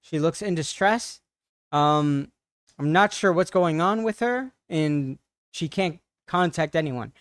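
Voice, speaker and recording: A man on a livestream retelling an upsetting encounter in a halting, shaken way, with many restarts. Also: fairly high pitch, lively intonation, a bit bright, no echo, studio quality. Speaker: streamer. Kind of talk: casual storytelling on a livestream.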